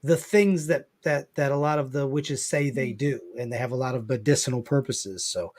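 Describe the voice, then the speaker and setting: A man's voice: medium pitch, moderate pace, a little mellow. A man talking as a guest on a podcast in casual chat, enthusiastic and repeating himself.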